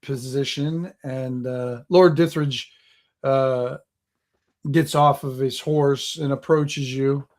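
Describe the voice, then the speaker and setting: A man running a tabletop game, describing the scene in a relaxed, rambling way. He talks slowly, with plenty of fillers along the way. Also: medium pitch. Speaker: game master.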